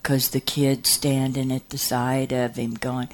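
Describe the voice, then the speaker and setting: A woman's voice: extremely low pitch, level tone, unhurried, hardly any pauses, slight background noise. A woman in her fifties telling a personal story. She acts out voices and drops to whispers. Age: 50s.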